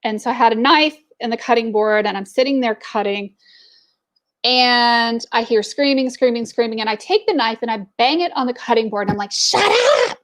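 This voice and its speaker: A woman's voice: a little high, a little fast. Candid mother telling a story. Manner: candid, storytelling, many fillers. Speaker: entrepreneur network speaker. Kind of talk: casual talk with personal story.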